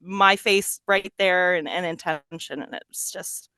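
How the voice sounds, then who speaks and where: A woman's voice: on the low side, a little slow, sharp tone, smooth, no room sound, studio quality. A woman, a fan guest, recalling a meeting in a giddy, emotional way, laughing often. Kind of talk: casual interview recollection.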